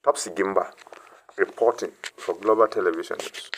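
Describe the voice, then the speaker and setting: A man's voice: low-pitched, steady tone, normal speed, a little hiss or hum, poor audio. A man delivering a scripted news report as correspondent in a formal way.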